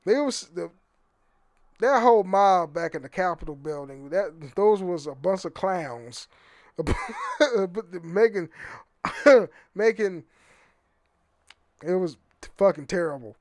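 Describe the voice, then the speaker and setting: Young guy ranting on his podcast, kinda high voice, swears a lot, stutters and repeats himself, dry close sound. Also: lively intonation, normal speed, darkish tone, dry recording. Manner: rambling, profane, stammers and repeats words. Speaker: podcast host. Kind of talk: rambling casual monologue.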